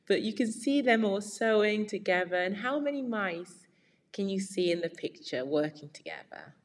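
A woman's voice: medium pitch, expressive, normal speed, a little hiss or hum. A woman reading a storybook aloud for children, explaining words and asking them questions. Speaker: read-aloud teacher. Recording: long reverb.

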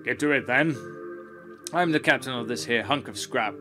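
A man reading aloud the lines of a grouchy, gruff ship captain in a video game, curt and scolding in tone. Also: medium pitch, normal speed, music in the background, lightly acted.

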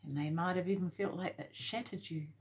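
A tarot reader with a lowish voice speaks briskly. She addresses her viewers directly and encouragingly, repeating herself a lot as she gives the reading.

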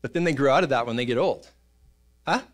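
A man, preaching a sermon in a church, telling stories in an animated way and acting out voices and sounds. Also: mid-range voice, quick pace. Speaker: pastor. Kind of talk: casual sermon storytelling. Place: church auditorium.

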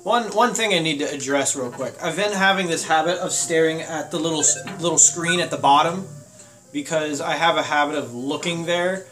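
A young man commenting on a game with a friend, loud, crude and excitable. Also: on the high side, normal speed, soft background music. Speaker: let's play host.

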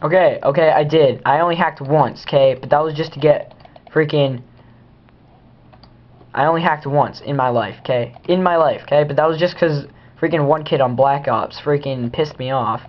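A man's voice: on the high side, moderate pace. A teenage boy doing casual gameplay commentary, goofy and rambling, talking to himself as he plays. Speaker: gamer. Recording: dull lo-fi home recording.

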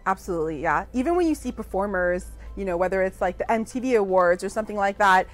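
A woman's voice: mid-range voice, lively intonation, quick pace, soft background music. A woman from Canada hosting an interview, upbeat and responsive, with frequent affirmations. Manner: enthusiastic, with frequent laughs and affirmations. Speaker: talk show host. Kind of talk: interview chat.

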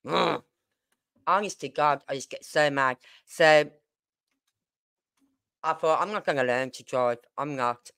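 A woman's voice: sits low, a bit bright, no room sound, studio quality. An older woman from Birmingham with a Brummie accent, hosting a livestream in a rambling, chatty way with exasperated asides. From Birmingham, England. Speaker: true crime livestream host. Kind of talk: casual chat.

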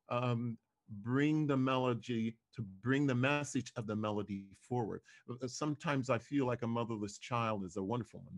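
A man lecturing as a voice professor, speaking in a relaxed, hesitant way with many fillers and sometimes singing short examples. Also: medium pitch. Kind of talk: lecture presentation.

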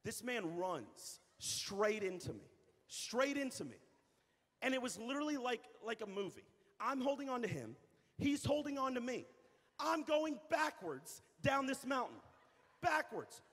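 A young adult man, a youth pastor, telling a story in a sermon, animated and repeating phrases for emphasis. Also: extremely high pitch, measured pace. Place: church hall. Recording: reverberant church hall.

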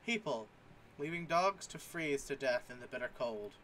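A man's voice: medium pitch, animated, moderate pace, a bit bright, slight background noise. A man in casual commentary, reading memes aloud and joking, sometimes putting on mock voices. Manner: jokey, reads captions aloud with mock voices.

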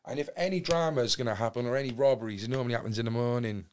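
Lively Cardiff man telling stories. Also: mid-range voice, very fast, slight background noise. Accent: Welsh, Cardiff. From Wales. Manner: animated, acts out quotes, swears freely. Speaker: podcast guest. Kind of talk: casual storytelling.

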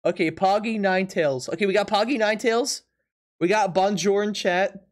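A casual live streamer talks straight to the chat through a desk mic in a middle-pitched voice. The talk comes in quick, stumbling bursts with repeated words and frequent laughter. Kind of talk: casual live-stream chat while playing a drawing game.

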